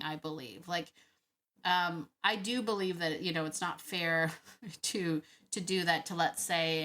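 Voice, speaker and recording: A woman hosting a dog-training Q&A, talking casually and thinking out loud with frequent laughs. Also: fairly low pitch. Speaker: dog trainer podcast host. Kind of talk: casual Q&A monologue.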